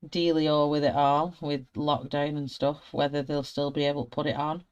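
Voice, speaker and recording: A woman's voice: low voice, little pitch movement, moderate pace, a little mellow, clean tone, dull audio. Brief: chatty woman, broad Wigan accent, live art tutorial host. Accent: Wigan, Lancashire. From Wigan, England. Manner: chatty, laughs often, greets viewers by name. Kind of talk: live colouring tutorial chat.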